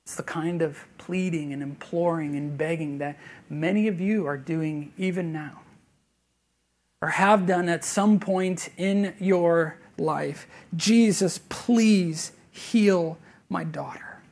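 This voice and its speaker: A man preaching a sermon as pastor, earnest and conversational, rising to loud emphasis and then dropping to a hushed near-whisper. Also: on the high side, steady tone, slow. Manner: conversational, with fillers and restarts.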